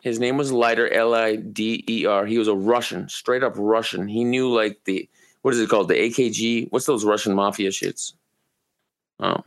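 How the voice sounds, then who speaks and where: A man from Maine co-hosting a podcast, telling long rambling, profane stories in a relaxed, casual way. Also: on the low side, moderate pace. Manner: profane, rambling, laid-back storyteller. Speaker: podcast co-host. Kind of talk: casual storytelling chat.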